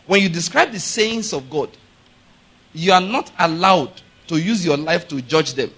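A middle-aged pastor preaching with a high, bright voice. He talks in an emphatic way, often stopping to ask the congregation if they follow him. He repeats his points firmly. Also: animated, a little slow, breathy edge. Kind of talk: sermon.

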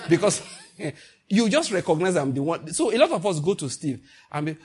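Male pastor, fairly high husky voice, animated sermon delivery that acts out everyday exchanges. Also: brisk. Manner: animated preaching, acting out little dialogues, often laughing.

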